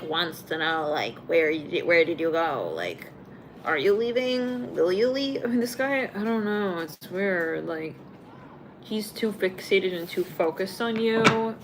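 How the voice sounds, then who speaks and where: A woman's voice: mid-range voice, expressive, unhurried, a little hiss or hum. A young woman doing a casual live tarot reading, rambling and blunt, full of filler words and swearing. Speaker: tarot reader.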